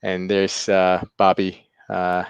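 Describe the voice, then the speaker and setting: A man's voice: low-pitched, completely flat delivery, slow pace, creaky, clean tone, no echo. A man hosting a casual livestream, greeting viewers by name and chuckling often. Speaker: livestream host.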